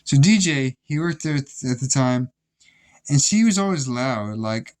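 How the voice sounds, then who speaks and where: A man's voice: medium pitch, lively intonation, unhurried. A young man casually telling rambling, profane stories about his old job, with many restarts. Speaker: vlogger. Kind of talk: casual storytelling.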